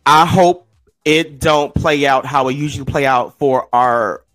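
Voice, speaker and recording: A man co-hosting a podcast, chatty and slangy, quick to jump in. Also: medium pitch, a bit bright, no room sound, soft background music, poor audio. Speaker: podcast co-host. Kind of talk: casual chat.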